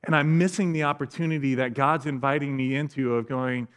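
A man's voice: medium pitch, fairly even intonation, fairly quick, hardly any pauses, clear, resonant tone. A man preaching a sermon, telling personal stories in a conversational, self-deprecating way with touches of humor. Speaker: pastor.

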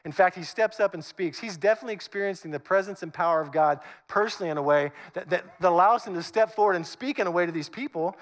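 A man preaching a sermon as pastor in an animated, conversational way, acting out the scripture he reads. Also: sits high, fast, few pauses.

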